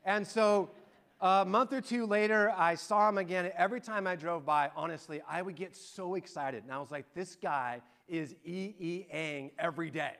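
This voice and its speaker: High-pitched guy preaching, middle-aged, gets all fired up telling stories. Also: moderate pace. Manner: animated storytelling, swelling with excitement. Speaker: pastor. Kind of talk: sermon.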